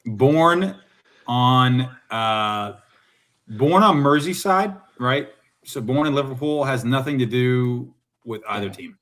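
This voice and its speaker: A man's voice: mid-range voice, lively intonation, slow pace, a bit bright. Laughing, jokey male podcast co-host. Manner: laughs often, loose and jokey with slang. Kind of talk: casual chat.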